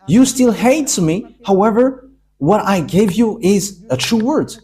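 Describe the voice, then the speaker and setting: A man's voice: high-pitched, animated, measured pace, mellow. A man from Madagascar, preaching a sermon in emphatic, declamatory bursts. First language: Malagasy.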